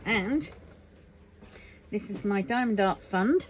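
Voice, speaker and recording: A woman's voice: medium pitch, animated, takes it slowly, a little hiss or hum. A woman vlogger chatting casually to camera at home, rambling and thinking aloud with plenty of fillers. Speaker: crafting vlogger.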